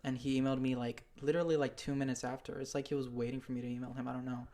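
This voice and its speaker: A young man hosting a casual podcast chat, recalling a story in an earnest, rapid flow. His pitch is ordinary middle, and he leans on "like" as he goes. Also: level tone, mellow. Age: young adult. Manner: quick, earnest, with "like" fillers. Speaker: host.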